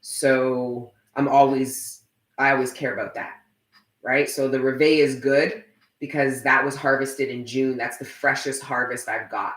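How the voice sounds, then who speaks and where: A woman's voice: very deep voice, little pitch movement, a little slow, echoey room, low-quality recording. A woman from Toronto chatting casually on a livestream, swearing freely and reading out her viewers' comments. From Toronto, Canada. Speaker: tarot reader and shop owner.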